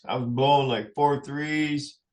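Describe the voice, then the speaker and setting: A man's voice: medium pitch, fairly even intonation, a little slow. A middle-aged man, a musician guest in a radio studio, tells personal stories in a rambling, anecdotal way with frequent chuckles. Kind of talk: personal storytelling in a radio interview.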